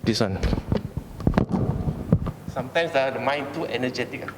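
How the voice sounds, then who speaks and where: A man's voice: mid-range voice, normal speed, heavy background noise. A Malaysian man giving a conversational Buddhist Dhamma talk, often asking the audience questions. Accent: Malaysian English. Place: temple hall. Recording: long hall reverb.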